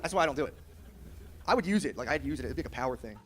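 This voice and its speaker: A man's voice: mid-range voice, lively intonation, racing, slight background noise. A man doing a stand-up comedy set, brash and crude, talking casually and slipping into mocking voices.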